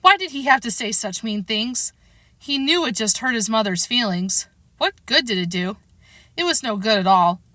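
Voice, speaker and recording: A woman reading a storybook aloud in an expressive way, acting out the characters' lines as she narrates. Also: a little high, moderate pace, no echo. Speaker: storybook reader.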